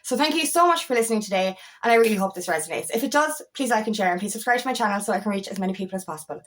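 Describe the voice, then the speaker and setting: A woman's voice: mid-range voice, expressive, rapid-fire. A woman with an Irish accent, an empowerment coach giving a casual motivational talk, emphatic and swearing freely.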